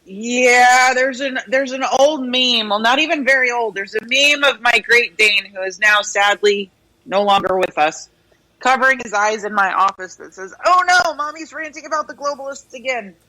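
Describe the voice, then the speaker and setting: A woman's voice: on the high side, moderate pace, sharp tone, poor audio. A woman co-hosting a radio show in casual chat, opinionated and ranting, swearing freely. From United States. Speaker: radio co-host.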